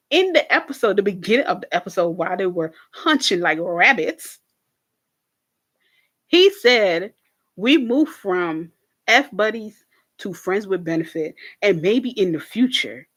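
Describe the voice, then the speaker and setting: A young woman hosting a casual reaction video, recapping a TV episode to her viewers in an animated way, laughing often and swearing freely. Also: mid-range voice, unhurried.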